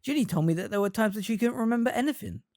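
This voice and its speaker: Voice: mid-range voice, very animated, moderate pace, warm tone, no room sound, studio quality. A fan reader voicing a tense, defensive teenage boy wizard. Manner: defensive, breathless.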